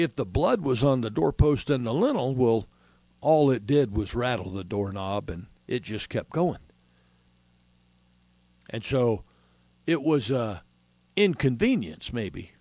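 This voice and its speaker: A man's voice: medium pitch, very animated, takes it slowly, pauses often, a little mellow, no echo, lo-fi sound. A man hosting a Christian talk show on being prepared, talking in a folksy, rambling way with many restarts. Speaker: host.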